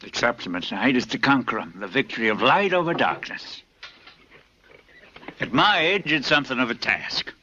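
An actor playing a weary old religious man in a film, reflective and soft-spoken. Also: mid-range voice, animated, moderate pace, highs cut off, slight background noise. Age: older.

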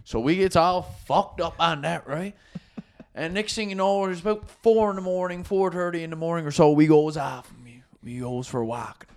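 A man with a Newfoundland accent tells a crude story on a casual podcast. His voice sits a bit high, and his telling is animated and full of laughs. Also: normal speed. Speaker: comedian guest.

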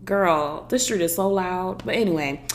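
A woman's voice: fairly low pitch, moderate pace, heavy background noise. A woman hosting a podcast, chatting casually in a sassy, blunt, profane way and telling stories with lots of energy. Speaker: podcast host. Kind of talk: casual opinion chat.

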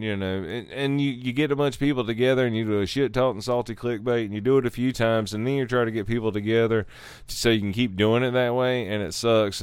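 A man's voice: mid-range voice, smooth, no echo, studio quality. A middle-aged man hosting his own podcast, rambling casually with plenty of swearing and self-deprecating asides. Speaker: podcast host. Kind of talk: casual solo podcast monologue. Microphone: studio microphone.

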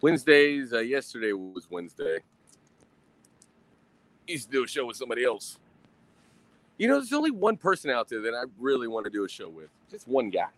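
A man's voice: medium pitch, big pitch swings, a little fast, pauses often, a bit bright, low-quality recording. A man hosting a casual livestream outdoors at a grill, talking in a profane, rambling, self-mocking way into a phone. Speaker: livestream host.

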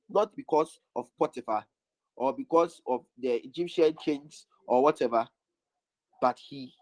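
A man's voice: a little high, darkish tone, no echo, poor audio. Emphatic male preacher, dry sound. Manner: emphatic, repeating lines for stress. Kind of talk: sermon.

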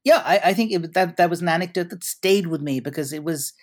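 A middle-aged man from Britain, a journalist being interviewed, telling stories in a wry, unhurried way with frequent restarts and fillers. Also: on the high side. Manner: anecdotal, hesitant with restarts, wry. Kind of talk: conversational interview.

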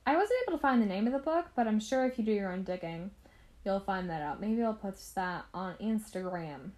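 A woman's voice: mid-range voice, expressive, fairly quick, a little mellow. Woman, podcast host, casual history storytelling, chatty, asides to listeners.

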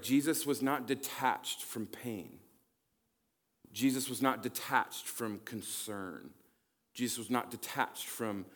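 A man giving a relaxed, conversational sermon as a pastor and counselor, often checking in with "okay?" and "right?" and reading scripture aloud with growing energy. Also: mid-range voice. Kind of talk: casual sermon teaching. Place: church campus.

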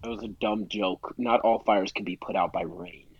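A young man on a voice call, talking in a dry, deadpan, sarcastic way. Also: fairly low pitch, normal speed, husky, muffled recording. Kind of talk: casual chat.

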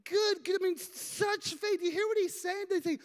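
A pastor preaching a sermon in a church sanctuary, retelling a story in an animated, emphatic way. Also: extremely high pitch, normal speed. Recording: long hall reverb.

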